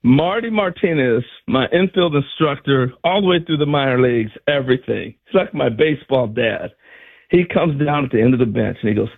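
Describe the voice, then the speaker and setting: A former ball player, an older man, tells animated stories on a talk show and acts out other people's lines with laughs. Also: medium pitch, normal speed, creaky, breathy edge. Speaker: former baseball player, guest. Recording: dull lo-fi sound.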